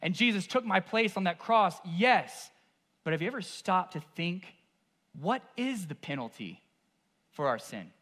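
A man's voice: high-pitched, sing-song, normal speed. Intense man preaching a sermon. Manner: intense, building from hushed to forceful. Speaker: pastor.

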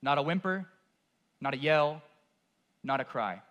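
A man preaching a sermon as pastor. His delivery is intense and moves from hushed to forceful. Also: a little high, animated, unhurried, lo-fi sound.

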